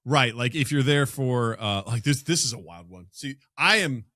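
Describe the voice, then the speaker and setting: A man co-hosting a podcast, chatting casually and telling animated stories with loud, high impressions of startled people. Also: normal speed, no echo, studio quality. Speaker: podcast co-host. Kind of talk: casual chat.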